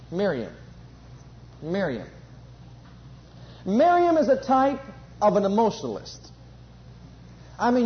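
A man with a notably high voice delivers a fervent sermon, rising into loud emphatic calls and sinking into quiet asides. The recording sounds dull and lo-fi, like an old tape. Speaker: preacher.

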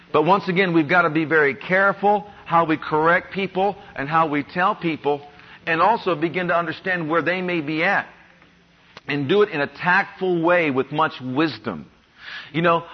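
Man preaching a sermon, muffled lo-fi. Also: on the high side. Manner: preacher reading scripture slowly, then telling stories with quoted voices. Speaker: pastor.

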